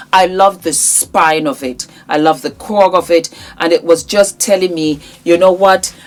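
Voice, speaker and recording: Low-voiced woman gushing over fashion. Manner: effusive, repeats her praise over and over; talks straight to the celebrities as darling. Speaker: fashion vlogger. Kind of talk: casual red-carpet fashion review.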